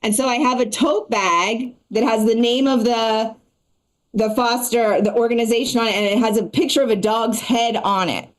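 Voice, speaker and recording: A woman performing a stand-up comedy set and hosting a live show, talking in a quick, chatty way full of asides. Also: a little high.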